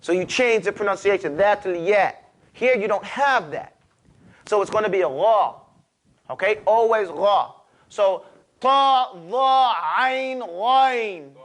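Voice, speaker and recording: High-voiced man drilling letter sounds. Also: lively intonation, measured pace, a bit bright. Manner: drills letters aloud, corrects and explains patiently. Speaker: Arabic teacher. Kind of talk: classroom pronunciation drill.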